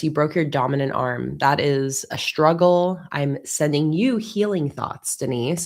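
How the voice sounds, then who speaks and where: Woman host, low voice, upbeat chatty livestream greetings at her desk. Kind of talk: casual livestream chat.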